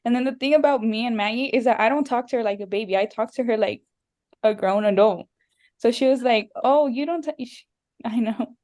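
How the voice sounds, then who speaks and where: A woman's voice: fairly high pitch, a little fast, darkish tone. A young woman hosting a podcast, telling stories in casual chat and laughing often. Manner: chatty storytelling, laughing often. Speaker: podcast host.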